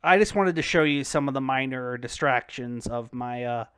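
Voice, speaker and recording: A man's voice: mid-range voice, moderate pace, fairly bright tone, smooth, no echo, clean studio sound. Rambling, crude young male streamer. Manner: rambling, crude, self-deprecating. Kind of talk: casual game stream commentary.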